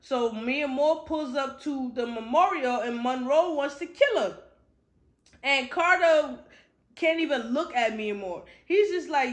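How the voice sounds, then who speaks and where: A woman with a fairly high voice recaps a book in a loose, chatty way. Her talk is slangy and full of swearing. She is recorded in a roomy space with a noticeable echo. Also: a little slow. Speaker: book reviewer.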